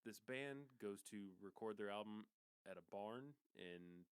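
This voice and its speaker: A man with a low, smooth voice talks through a movie's plot in a relaxed, easygoing way, laughing often. He is recorded close and dry. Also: measured pace, no room sound. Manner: laughs easily, relaxed storytelling. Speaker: podcast co-host. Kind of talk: casual movie review chat.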